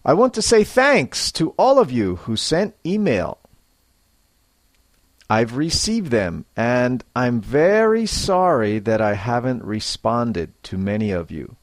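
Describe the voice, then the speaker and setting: A man teaching English in a scripted lesson, speaking clearly and acting out example sentences to show intonation. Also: medium pitch, big pitch swings, takes it slowly, no room sound. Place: Japan.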